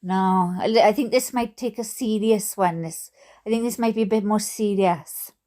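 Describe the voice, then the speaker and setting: A woman's voice: medium pitch, normal speed, dark tone. A Welsh woman reading funny stories aloud, with chatty, giggly, mock-indignant asides. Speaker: storyteller reading viewer stories.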